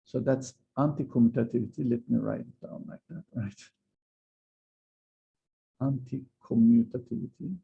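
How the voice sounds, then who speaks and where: A man's voice: mid-range voice, moderate pace, gravelly, pauses often, narrow, tinny audio. A man giving a university physics lecture, explaining step by step with frequent fillers and restarts. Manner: hesitant, many fillers and restarts.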